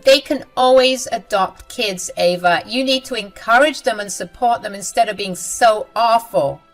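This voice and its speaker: A woman's voice: medium pitch, moderate pace, soft background music, natural voice. A woman voicing a stern, disappointed middle-aged mother who scolds her daughter. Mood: scolding.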